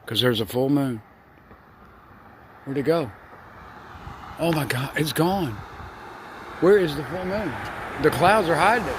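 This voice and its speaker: An older man talks like a doting grandfather at bedtime, folksy and affectionate, and he laughs easily as he chats. His voice sits a little high for a man. A faint hum of noise runs underneath. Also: animated, measured pace, long pauses. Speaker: grandfather telling a bedtime story. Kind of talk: bedtime storytelling vlog.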